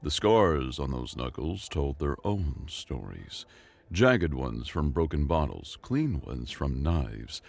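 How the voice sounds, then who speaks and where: A man narrating a sci-fi story in a dramatic, measured storytelling voice. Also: rumbling low, gravelly.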